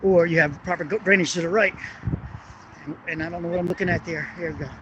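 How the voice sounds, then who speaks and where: In a slightly high voice with a steady tone and a quick pace, a construction engineering vlogger explains a city bridge's engineering while walking it at night with a handheld camera. He's rambling and hesitant and swears when annoyed, over lo-fi sound thick with wind and traffic.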